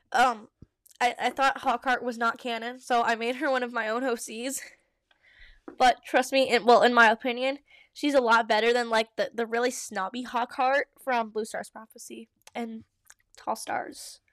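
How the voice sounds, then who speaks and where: A woman's voice: on the high side, fairly bright tone, no room sound, clean studio sound. A woman reading her old story aloud and stopping to comment, giggly and full of likes and ums. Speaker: fanfiction reader and podcaster.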